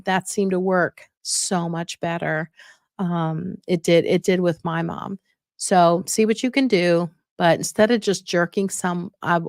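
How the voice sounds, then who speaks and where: A woman's voice: fairly low pitch, dry recording, studio quality. A woman hosting a casual advice podcast on dementia care, encouraging and often checking in with listeners.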